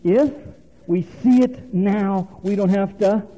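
A man's voice: high voice, takes it slowly, dark tone, rough recording. A male preacher giving a folksy, conversational sermon, quizzing the congregation and chuckling often.

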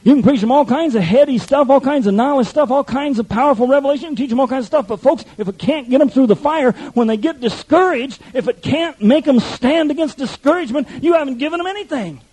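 A man's voice: extremely high pitch, quick pace, few pauses, a little mellow, rough recording. A male pastor preaching an impassioned sermon, speaking directly to his congregation.

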